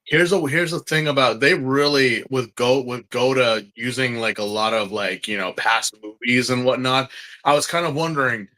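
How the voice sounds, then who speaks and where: A man in a casual podcast chat, excitable and rambling, with frequent restarts and fillers. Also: medium pitch, moderate pace. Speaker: podcast co-host.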